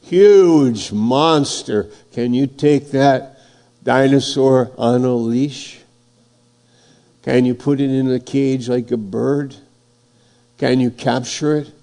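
A man's voice: medium pitch, warm tone. A man preaching a sermon, reading scripture and building emphasis, his voice rising and falling. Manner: slow, emphatic preaching, voice swelling and dropping.

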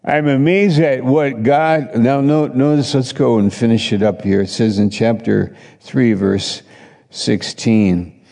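A man's voice: medium pitch, steady tone, slow pace, creaky, darkish tone, long reverb tail. A middle-aged man preaching a sermon, telling stories in a conversational way and acting out other people's lines. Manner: conversational storytelling preacher, voices others in quotes. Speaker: pastor.

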